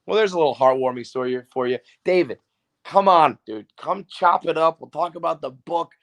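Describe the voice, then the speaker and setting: A man hosting a sports podcast, talking fast and loose in casual banter with a lot of swearing. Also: fairly high pitch. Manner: profane, excitable sports banter. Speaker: podcast host. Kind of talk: casual chat.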